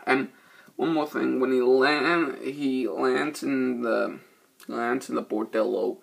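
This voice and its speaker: A man rambles through a casual movie review, swearing freely and loosely retelling scenes. His voice has a gravelly, creaky edge with a slightly husky grain, sitting at an ordinary middle pitch. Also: fairly even intonation, slow pace. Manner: rambling, profane, laid-back. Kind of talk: casual spoken film review.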